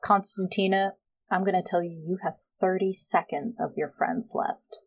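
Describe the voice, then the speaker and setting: A woman's voice: lowish voice, steady tone, normal speed. Woman running a tabletop game. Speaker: game master.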